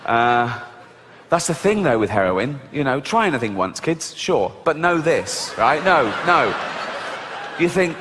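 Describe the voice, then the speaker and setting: A man's voice: mid-range voice, animated, unhurried. A man doing a stand-up routine on stage before a live audience, with dry, sardonic storytelling. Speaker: stand-up comedian. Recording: reverberant venue with crowd noise.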